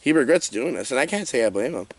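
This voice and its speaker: A man giving a comedic, rambling movie review rant in an animated, jokey way. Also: medium pitch, fast, husky.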